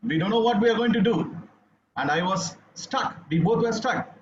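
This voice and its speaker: A man with an Indian English accent giving an earnest, rousing testimonial on a video call, halting with fillers. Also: sits high, slight background noise. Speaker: speaker on a launch call. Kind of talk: motivational testimonial. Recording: echoey, dull video call audio.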